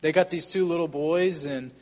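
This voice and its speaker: A man's voice: on the high side, normal speed, a little mellow, big-room sound. A man casually telling a personal story, with frequent fillers and a conversational, earnest manner. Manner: conversational, many fillers like "you know".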